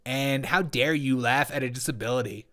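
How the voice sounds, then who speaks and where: A man's voice: medium pitch, moderate pace, a bit bright. A man in his forties hosting a comedy commentary show, reacting to chat with jokey, sarcastic asides. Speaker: host.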